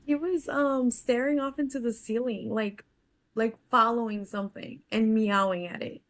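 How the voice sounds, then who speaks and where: A woman's voice: a little high, steady tone, moderate pace. A woman guest on a podcast, talking candidly and casually, swearing now and then. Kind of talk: casual chat.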